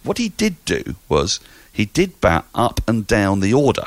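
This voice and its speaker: A man talking as a podcast guest in casual chat, animated, playful and a little rambling. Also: fairly low pitch, a little slow, dry recording.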